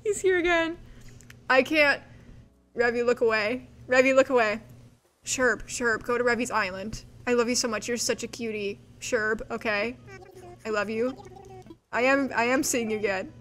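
A woman streaming a game, chatting casually with viewers, reading chat aloud and squealing with excited giggles. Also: a little high, normal speed. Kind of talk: casual live-stream chat while gaming.

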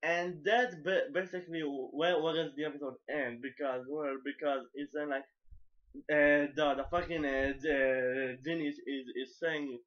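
Halting man recapping an anime episode. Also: on the high side, fairly even intonation. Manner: halting, with many repeats and stumbles; casual and profane. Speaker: anime reviewer. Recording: dull lo-fi recording.

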